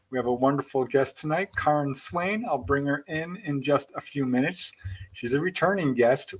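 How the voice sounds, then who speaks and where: Chatty male podcast host reading chat. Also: mid-range voice. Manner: chatty and thankful, laughing between comments. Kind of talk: live-stream show, reading out viewer chat.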